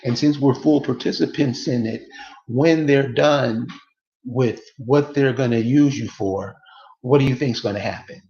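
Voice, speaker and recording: A man's voice: medium pitch, unhurried, a little mellow, reverberant, muffled recording. A man delivering a casual, emphatic monologue to his viewers, repeating rhetorical questions over and over. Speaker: online commentator.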